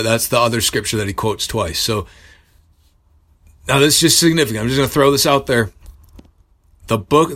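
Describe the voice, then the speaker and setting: A man preaching a sermon, earnest and building to emphatic bursts, pausing to correct himself. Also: mid-range voice, a bit bright.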